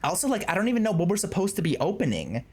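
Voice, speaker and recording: A streamer chatting excitedly through a game playthrough, gasping, swearing and puzzling things out aloud. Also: mid-range voice, rapid-fire.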